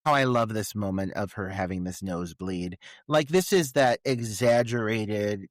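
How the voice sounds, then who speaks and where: A man's voice: on the low side, moderate pace, no room sound. A man co-hosting a podcast who talks about a film with enthusiastic, laugh-filled remarks and many fillers. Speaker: podcast co-host. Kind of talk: casual film discussion.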